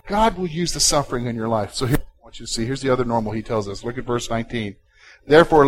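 Pastor, male, high-pitched voice, dynamic sermon delivery that moves between hushed and loud. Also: poor audio. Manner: dynamic preaching, swinging from soft to loud and emphatic.

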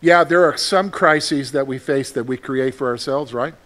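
A man's voice: medium pitch, moderate pace, fairly bright tone. A man preaching a sermon as pastor, talking conversationally, repeating phrases and putting questions to the congregation.

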